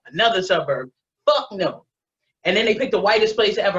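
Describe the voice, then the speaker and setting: A woman's voice: mid-range voice, expressive, brisk, fairly bright tone. Forties woman, stand-up comic; brash, profane storytelling, muffled online stream audio. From Baltimore, USA. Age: 40s. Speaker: stand-up comedian. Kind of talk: stand-up comedy set.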